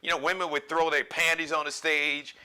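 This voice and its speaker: A man hosting a live show, talking in a loose, joking, rambling monologue with sudden animated bursts. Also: on the high side, a little fast, clean tone. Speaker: show host.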